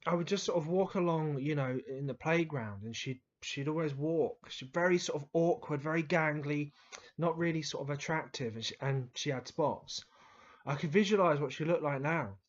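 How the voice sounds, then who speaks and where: Rambling male storyteller, slightly higher voice. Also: moderate pace, lo-fi sound. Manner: rambling, with many fillers and restarts, sometimes swearing. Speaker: writer telling stories to camera. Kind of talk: casual storytelling monologue.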